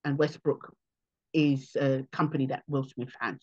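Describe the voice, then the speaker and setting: A woman comedian telling stories in an interview, animated and acting out the people she quotes. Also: a little slow, breathy edge, lo-fi sound. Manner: animated, acts out quotes with big pitch jumps. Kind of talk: interview storytelling.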